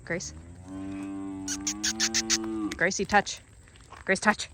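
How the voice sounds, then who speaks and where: Loud music runs under this woman's very slow, sing-song, medium-pitched voice. She's a young Upper Midwest American farmer vlogger outside with her cattle, narrating casually, slightly out of breath, and chatting to the animals in a playful sing-song.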